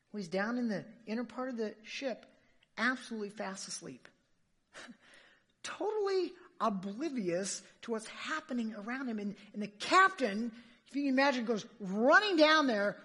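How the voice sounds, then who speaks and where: A woman's voice: high voice, very animated, normal speed, fairly bright tone, husky. A woman preacher giving an emphatic sermon, full of rhetorical questions to her listeners.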